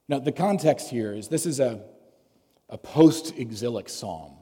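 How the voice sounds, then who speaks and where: A man's voice: mid-range voice, lively intonation, unhurried, warm tone, husky. A man preaching a sermon as pastor, telling a story conversationally and asking the congregation questions. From United States. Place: church sanctuary. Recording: long reverb of a church hall.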